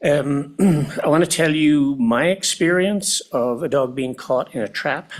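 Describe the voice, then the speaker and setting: A man's voice: fairly high pitch, measured pace. An older man with an Irish accent, testifying before a committee with a plain personal account and a dry, understated tone. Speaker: public testifier.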